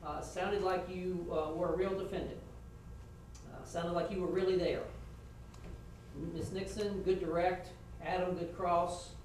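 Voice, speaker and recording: A middle-aged man with a high-sitting, level, darkish voice at measured pace gives frank, folksy feedback to students after a mock trial, acting out example questions. The recording is echoey, captured from far off in a classroom with slight background noise.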